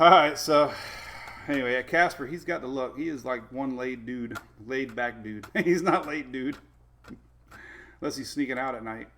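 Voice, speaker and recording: A man's voice: medium pitch, moderate pace, a bit bright. A man hosting a casual weather live stream from home, rambling as he reads out viewer names and talks to his puppies. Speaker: weather show host.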